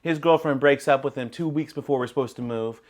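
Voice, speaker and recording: A man from Texas with a neutral American accent, talking in a casual podcast interview as the guest, animated and talkative with frequent restarts. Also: medium pitch, a little fast.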